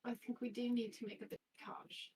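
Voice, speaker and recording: A woman's voice: fairly high pitch, little pitch movement, brisk, a little mellow, far from the mic, low-quality recording. A woman player in a tabletop role-play, speaking politely and genteelly in character, often calling others darling.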